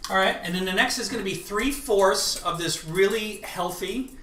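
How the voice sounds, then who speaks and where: A man's voice: sits high, moderate pace, sharp tone, slight background noise. A man hosting a live cooking show from his home kitchen, chatting and joking while he explains each step. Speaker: host. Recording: echoey kitchen, mic at a distance.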